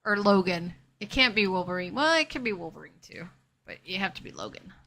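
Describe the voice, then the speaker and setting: A woman with a mid-range, expressive voice talks fairly quickly in a pushed, bright tone. She's streaming a game live, chatting casually with viewers and narrating to herself what she's doing.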